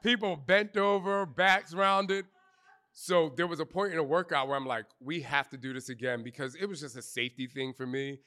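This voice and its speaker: A man answering questions in front of a group, telling candid stories in animated, slangy speech with cursing and acted-out quotes. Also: on the high side, moderate pace. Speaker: fitness trainer interviewee. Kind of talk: candid storytelling Q&A before a live group. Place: outdoor retreat gathering.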